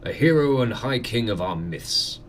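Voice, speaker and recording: A man voicing a formal male lord of a manor, speaking slowly in a measured, courtly way. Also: mid-range voice, animated, a little hiss or hum, close to an everyday voice. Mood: solemn. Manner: slow, measured, courtly speech.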